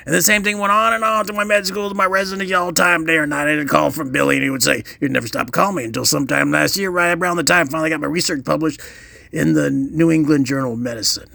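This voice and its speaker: A man playing a doctor, telling a rambling, earnest, self-serious story in a deadpan comedic monologue. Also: on the high side, fast talker, vocal fry, dry recording. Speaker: comic doctor character.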